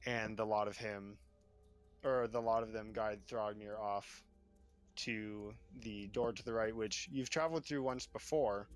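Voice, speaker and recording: A man narrating as game master for a live tabletop game, relaxed and with frequent ums. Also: on the low side, measured pace, smooth, soft background music.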